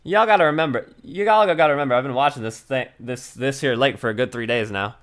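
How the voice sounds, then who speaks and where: A man's voice: mid-range voice, quick pace, fairly bright tone, lightly acted. A man voicing a brash, tough Southern woman photographer in a game, with a drawling Southern US accent and a hollering folksy manner. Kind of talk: reading game dialogue aloud.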